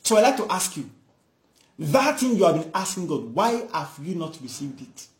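A man's voice: a little high, big pitch swings, moderate pace, reverberant. A man preaching a fervent sermon, repeating phrases and acting out the voices in scripture stories. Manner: fervent, repetitive, acts out dialogue.

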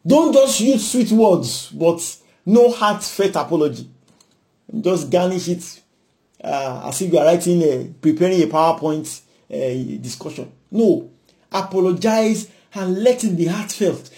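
A man's voice: sits high, lively intonation, unhurried, mellow. A man with a Nigerian accent preaching a sermon, emphatic, repeating points and punctuating with hallelujah.

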